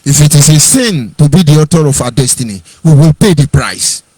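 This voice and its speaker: A man's voice: on the high side, animated, fairly quick, a little mellow, husky, no room sound. A Nigerian man giving an impassioned political monologue, rhetorical and mocking in tone. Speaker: political commentator.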